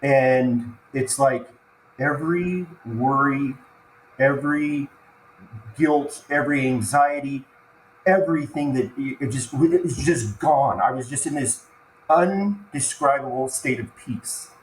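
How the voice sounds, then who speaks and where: A man tells a harrowing personal story, stumbling through repeated restarts and choking up in places. His voice sits at an ordinary middle pitch. The recording carries a roomy echo and a faint ambient hiss. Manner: halting, full of restarts, choked up while recounting. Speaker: podcast guest.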